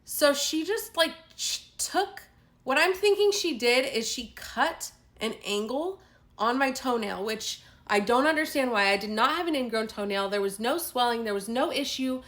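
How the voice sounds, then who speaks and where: A woman vlogger telling a storytime vlog, animated and indignant, with lots of "like" and restarts. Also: a little high, moderate pace. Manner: animated, indignant retelling with many fillers.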